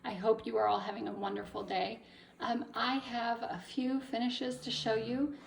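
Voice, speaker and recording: A woman's voice: on the high side, expressive, normal speed, gravelly. A woman showing her crochet and craft finishes in a casual vlog, chatty with frequent ums, still getting over laryngitis and a lingering cough. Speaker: crochet vlogger. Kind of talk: casual show-and-tell vlog.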